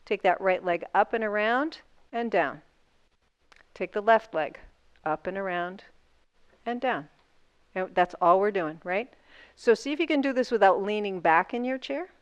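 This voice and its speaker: A woman's voice: mid-range voice, lively intonation, unhurried, pauses often, smooth, dry recording, lo-fi sound. A woman instructor guiding a seated yoga class, talking through each movement step by step in an encouraging way.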